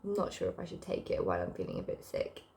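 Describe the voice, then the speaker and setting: Sick young woman rambling on her vlog, sighs a lot, dark mellow voice with some fry. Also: lowish voice, big pitch swings, quick pace, a little hiss or hum. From South Africa. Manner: emotional, rambling, sighing, many fillers. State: sick and low. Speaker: book vlogger. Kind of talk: casual personal vlog.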